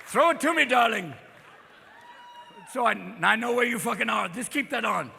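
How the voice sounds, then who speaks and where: A man performing live stand-up comedy with manic energy, jumping between voices and bursts of shouting. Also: extremely high pitch, animated, moderate pace, vocal fry. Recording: live hall reverb, crowd noise. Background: audience laughter.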